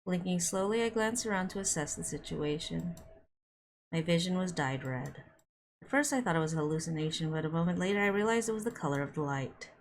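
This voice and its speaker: A woman streaming a visual novel, reading its narration aloud and breaking off for quick reactions, with music under her voice. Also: on the low side, expressive, slight background noise. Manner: reads narration with quick asides. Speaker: game streamer.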